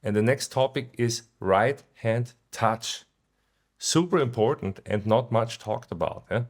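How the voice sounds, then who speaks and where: A man teaching guitar in a casual video lesson, relaxed and often ending points with a questioning "yeah?". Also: medium pitch, a little slow. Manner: sings short phrases to illustrate ideas.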